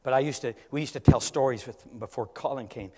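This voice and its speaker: An older man, a pastor, preaching a storytelling sermon that swings from quiet talk to shouting, in a church. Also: medium pitch, quick pace. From California. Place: church sanctuary. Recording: church hall with long reverb.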